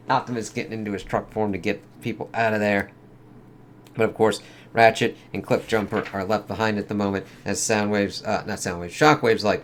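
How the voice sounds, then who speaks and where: A man with a lowish voice talks through a comic book review in a loose, casual way. He swears freely and uses plenty of fillers. Faint noise sits underneath. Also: fairly even intonation, moderate pace. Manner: loose and profane, lots of fillers.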